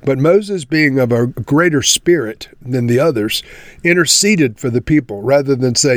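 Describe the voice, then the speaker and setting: A man's voice: mid-range voice, animated, moderate pace, no echo, clean studio sound. A man giving an earnest devotional Bible teaching, speaking to his listeners as friends and closing in prayer.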